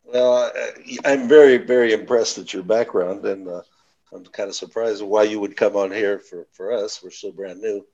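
Man, low-ish voice, hesitant, muffled lo-fi audio. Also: fairly even intonation, normal speed, a little mellow. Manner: hesitant, searching for words. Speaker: podcast co-host. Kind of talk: casual interview chat. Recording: dull lo-fi sound from further off.

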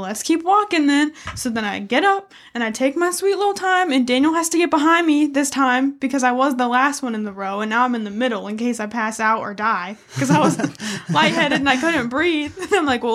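Animated woman telling a story. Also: high-pitched. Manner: animated storytelling, swearing, laughing. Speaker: podcast co-host. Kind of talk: casual chat.

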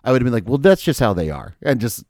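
A mid-range male voice, fast-paced, recorded dry with studio quality. He's a podcast host telling a story in casual conversation, animated, swearing freely and acting out what people said.

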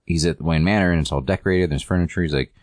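A man with an extremely low, deep voice walks through a comic plot on a casual podcast. He talks in a halting way, with many ums and likes. The recording is dry and close. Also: no echo. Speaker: podcast co-host reviewing comics. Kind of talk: casual chat recapping a story.

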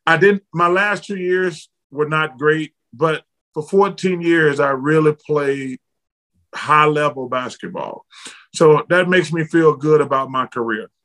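A middle-aged man from Alabama, a former basketball player telling blunt, lively stories as a guest in an interview. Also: on the high side, unhurried, rough recording. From Alabama, United States. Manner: lively, blunt storyteller, casual slang. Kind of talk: candid storytelling in an interview.

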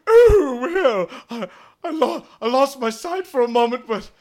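A man doing a stammering, squeaky companion. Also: sing-song, measured pace, darkish tone, exaggerated voice. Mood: flustered. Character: nervous high-voiced male companion.

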